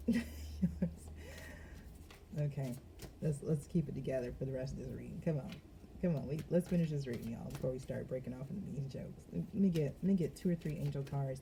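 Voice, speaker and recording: A woman's voice: extremely low pitch, warm tone, a little hiss or hum. A woman giving a casual tarot reading to her viewers, chatty and often breaking into laughter. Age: adult parent of young children. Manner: chatty, addresses viewers as y'all. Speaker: tarot card reader.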